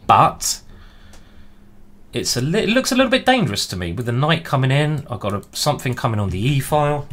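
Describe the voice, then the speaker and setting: Animated man thinking aloud over chess. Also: mid-range voice. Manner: animated, self-mocking running commentary. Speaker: chess streamer. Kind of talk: thinking aloud while playing speed chess.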